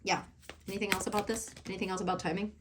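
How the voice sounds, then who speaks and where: A woman's voice: mid-range voice, flat delivery, racing, noisy background. A woman giving a casual collective tarot reading, chatting, thinking aloud and exclaiming over the cards as she goes. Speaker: tarot reader.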